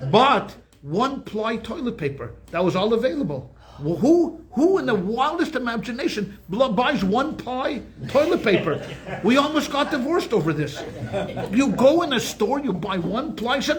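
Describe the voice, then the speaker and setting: A rabbi giving a weekly Torah class, telling jokes and stories in a chatty way, often checking in with "okay?" and restarting his sentences. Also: high voice. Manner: chatty storyteller, keeps asking "okay?"; frequent restarts and repeated words.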